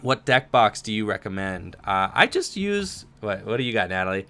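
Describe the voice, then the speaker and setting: Very animated, this young man has a lowish, sharp-toned voice and talks at a normal speed. He hosts a chatty livestream Q&A, reading viewer questions aloud and answering with lots of fillers.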